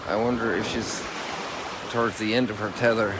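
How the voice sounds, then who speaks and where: A man, a Catholic priest, gives a reflective spiritual talk while strolling outdoors. He exclaims in wonder and reads scripture slowly and emphatically. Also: lowish voice, fairly even intonation, very noisy. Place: outdoors by a lakeshore at sunrise.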